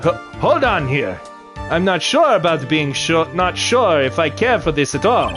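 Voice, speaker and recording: A man's voice: fairly high pitch, very animated, a little slow. A man voicing a fussy, bumbling courtroom judge in a video game dub, speaking in a formal way. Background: game music.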